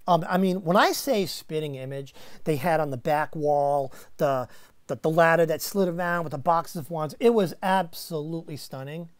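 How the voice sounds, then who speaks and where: A woman's voice: deep voice, normal speed, no room sound. A woman hosting a casual live stream, rambling and teasing, often laughing between words. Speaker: livestream host.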